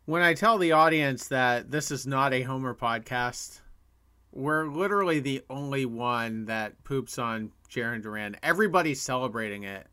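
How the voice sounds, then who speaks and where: A man co-hosting a sports podcast, speaking in a measured, plain-spoken way. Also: mid-range voice, pushed and bright, smooth. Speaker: podcast co-host. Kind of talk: casual sports talk.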